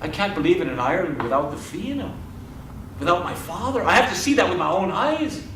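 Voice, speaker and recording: A man's voice: high voice, big pitch swings, brisk, noisy background, voice pushed up. A male storyteller voicing an impulsive young warrior, who speaks earnestly and stumbles over his words. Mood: yearning. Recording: roomy, distant live mic.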